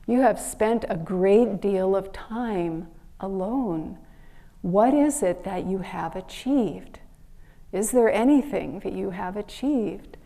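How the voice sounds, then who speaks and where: Brief: skeptical village folk pressing for answers, slow and dark-toned, as a woman storyteller puts them on. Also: medium pitch. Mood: eager. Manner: insistent, questioning. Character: doubting male villagers, eager and disbelieving.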